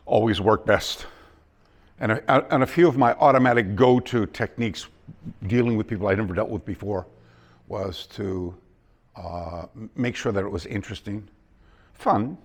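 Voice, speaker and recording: In a dojo training hall, a man teaching a martial arts seminar tells stories, restarting frequently and performing the words of his students. He speaks at normal speed in a lowish voice, leaving long pauses.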